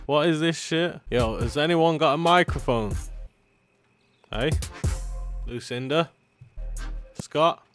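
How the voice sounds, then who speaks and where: Loud young man gaming. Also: on the high side, slow, long pauses, soft background music. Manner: loud, swearing, slangy, yelling when scared. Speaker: gaming streamer. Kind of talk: excited gameplay commentary.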